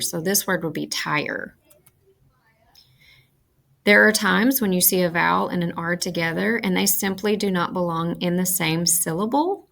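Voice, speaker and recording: A woman teaching a phonics lesson, speaking slowly and carefully and enunciating each sound. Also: on the low side, vocal fry, fairly bright tone. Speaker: reading teacher.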